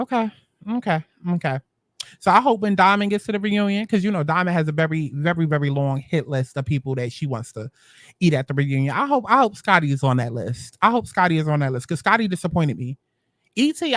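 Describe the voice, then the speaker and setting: A man's voice: sits high, a bit bright, no room sound, studio quality. A man giving a sassy, dramatic casual recap of a reality show, mocking the cast as he talks.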